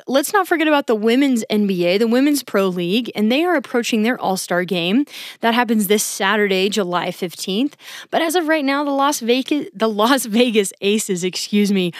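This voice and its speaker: A woman's voice: a little high, no room sound, clean studio sound. A woman hosting a solo sports recap podcast, chatty and upbeat, with a casual, enthusiastic delivery.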